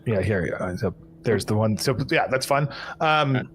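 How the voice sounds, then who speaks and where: A man's voice: on the low side, expressive, a bit bright, slight background noise. A man running a live tabletop pirate game as game master, explaining rules and narrating a storm with restarts and fillers. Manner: rambling, restarts and fillers, brisk rules talk.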